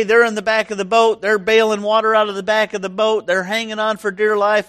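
A man preaching a sermon, animated and humorous, acting out voices from the stories he tells. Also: high voice, dry recording, studio quality. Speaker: pastor.

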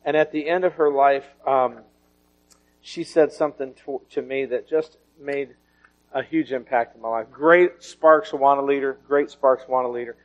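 A man's voice: medium pitch, fairly even intonation, moderate pace, darkish tone. Folksy preacher man, muffled sound. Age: 40s. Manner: folksy storytelling with laughter and swings in volume. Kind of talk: sermon with personal testimony. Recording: dull lo-fi recording.

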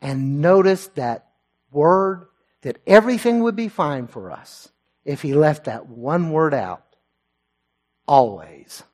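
High-voiced preacher with big swings. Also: male voice, animated, slow. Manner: swells loud and high on scripture quotes, drops low and quiet on personal asides. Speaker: pastor. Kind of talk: sermon.

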